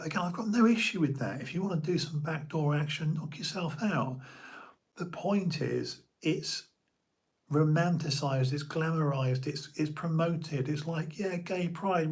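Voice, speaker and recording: A man's voice: on the high side, animated, moderate pace. A middle-aged man, a personal trainer giving an opinionated, rambling monologue full of restarts and asides on his own show. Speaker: podcast host and personal trainer.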